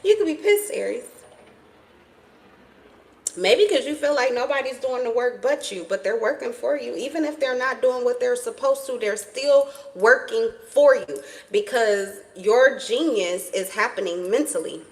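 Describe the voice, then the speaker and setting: A woman's voice: a little high, a little slow, rough recording. A woman giving a casual tarot reading to her viewers, blunt and profane, with emphatic repetition. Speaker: tarot reader.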